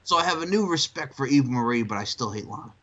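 An excitable man ranting in a casual wrestling chat, cursing freely and jumping into shrill mocking voices. His voice sits at an ordinary pitch. The recording sounds a bit dull and lo-fi. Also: quick pace. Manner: animated, swearing, mocking in shrill put-on voices. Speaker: podcast co-host.

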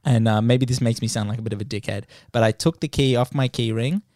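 Brief: male podcast host, mid pitch, animated storyteller, dry close sound. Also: quick pace, no room sound. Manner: animated, swears freely, acts out the story. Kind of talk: casual chat storytelling.

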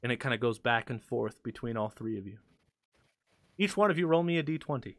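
A man's voice: mid-range voice, expressive, a little fast, no echo, studio quality. A man running a tabletop game, narrating in a casual, rambling way. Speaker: game master.

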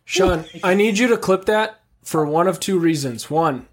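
A man hosting a casual chat podcast, rambling through his points and swearing often. His voice sits a bit high. He trades joking jabs with his co-hosts. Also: expressive, a little slow. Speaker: podcast host.

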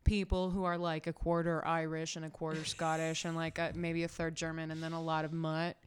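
A woman co-hosting a podcast in casual chat, joking and swearing with quick asides. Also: sits low, completely flat delivery, a little hiss or hum. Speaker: podcast co-host.

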